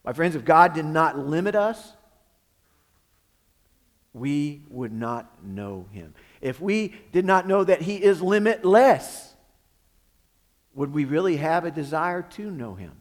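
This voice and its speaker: A man preaching a sermon, swinging between forceful emphasis and hushed, dropped phrases. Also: a little high, sing-song, slow pace, pauses often, long reverb tail. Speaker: pastor.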